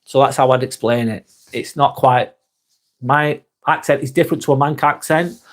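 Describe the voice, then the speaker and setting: Steady in tone and mid-range, the voice moves at normal speed. It belongs to a Lancashire vlog host from North West England who reads viewers' chat live, speaks plainly, swears plenty and addresses people as mate.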